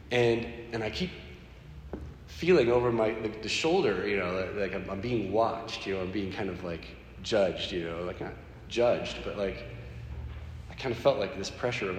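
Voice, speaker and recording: A man sharing a personal faith story in an animated, conversational way. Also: lowish voice, moderate pace. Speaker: speaker sharing a personal testimony. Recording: echoey hall with faint background noise.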